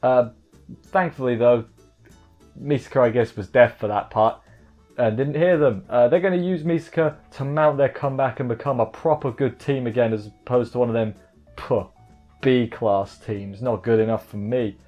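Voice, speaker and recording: A man's voice: medium pitch, lo-fi sound, faint music behind. Chatty man recapping an anime, jokey. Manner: chatty, jokey, rambling with quick asides. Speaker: anime reviewer. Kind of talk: casual spoken recap.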